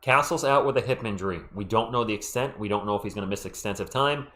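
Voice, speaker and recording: A man hosting a casual live play-by-play stream, calling plays and answering chat with an animated delivery while losing his voice. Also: fairly low pitch. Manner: animated, quick play calls mixed with chat shout-outs.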